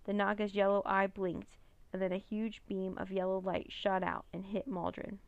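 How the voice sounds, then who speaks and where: A woman reads a children's chapter book aloud in a steady, plain manner. Her voice has a gravelly, creaky texture, and the recording is dry and close, with no room sound. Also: mid-range voice, normal speed, dry recording, dull audio. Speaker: narrator. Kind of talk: storybook read-aloud.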